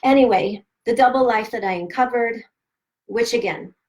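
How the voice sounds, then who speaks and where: A middle-aged woman hosting a live stream, candidly telling a painful personal story with emphatic, swearing, animated delivery and quoted dialogue. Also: a little high, moderate pace. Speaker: host of a self-help live stream.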